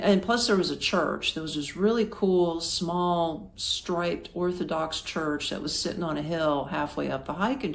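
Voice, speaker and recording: A woman from Florida with a slightly low voice, spinning a travel tale for her podcast. She talks in a loose, chatty way, dropping plenty of fillers and acting out what people said. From Florida, United States. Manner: chatty, with many fillers and acted-out quotes. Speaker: podcast host. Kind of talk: casual storytelling.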